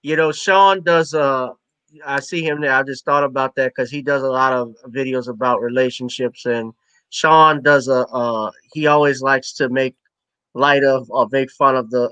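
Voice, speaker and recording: A man's voice: mid-range voice, fairly even intonation, normal speed, bright, forceful tone, clean tone, lo-fi sound. A man hosting a casual live-stream panel, chatty and laughing, with many hesitant fillers.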